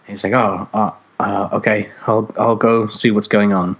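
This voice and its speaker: A man co-hosting a podcast, telling a story in casual chat, animated and swearing freely as he acts out other people's voices. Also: on the low side, measured pace, slightly rough, muffled recording. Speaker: podcast co-host.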